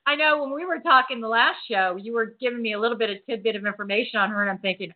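A woman's voice: fairly high pitch, rapid-fire, hardly any pauses. A woman hosting a casual interview, enthusiastic and laughing along with her guest. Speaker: interview host. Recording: tinny phone line.

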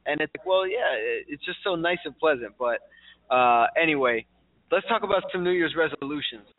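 A chatty, upbeat man hosts a casual talk show in a slightly high voice. His sound is dry and close, squeezed through a tinny, phone-like line. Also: animated, moderate pace, no echo. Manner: chatty, upbeat, many fillers and restarts. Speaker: show host.

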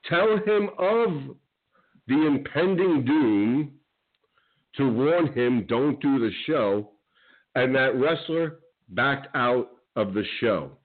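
A man who promotes wrestling shows, ranting heatedly on a radio show and repeating "okay?" often. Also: medium pitch. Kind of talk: animated radio show rant. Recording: tinny phone line.

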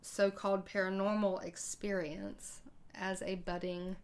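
A woman hosting a podcast shares a personal story conversationally, acting out the dialogue with halting hesitations. Her voice sits at a medium pitch with a level tone.

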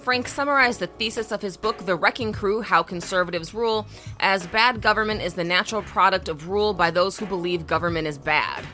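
A woman's voice: medium pitch, brisk, pushed and bright, faint music behind. A woman co-hosting a podcast in casual chat, reading facts aloud in a dry manner. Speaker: podcast co-host.

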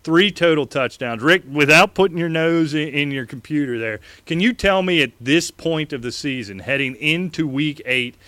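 A man hosting a fantasy football show who rants in an animated way and laughs often. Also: on the high side, moderate pace, few pauses, dry recording. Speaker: fantasy sports show host. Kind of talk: casual sports talk.

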